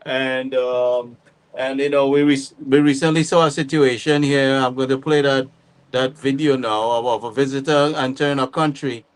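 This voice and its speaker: A man hosting a show, giving deliberate, indignant commentary and often repeating words as he goes. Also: medium pitch, fairly even intonation, smooth. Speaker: show host. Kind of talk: commentary on current affairs.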